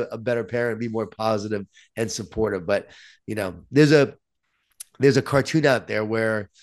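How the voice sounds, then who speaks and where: Animated New York storyteller man. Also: medium pitch. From Long Island, New York. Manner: animated storyteller, self-deprecating. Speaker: author guest. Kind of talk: storytelling in conversation.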